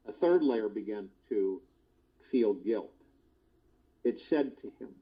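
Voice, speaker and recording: A man giving a spiritual discourse, slow and deliberate, often repeating his key phrases. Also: fairly low pitch, expressive, breathy edge, lo-fi sound. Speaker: spiritual teacher.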